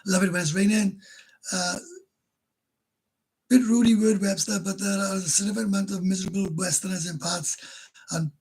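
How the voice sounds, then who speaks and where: A Welsh man chats casually through viewer comments on his live stream. His voice sits a little high and sounds husky, and he rambles bluntly, often laughing at himself. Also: steady tone, normal speed, long pauses, darkish tone, poor audio. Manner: blunt, rambling, self-mocking.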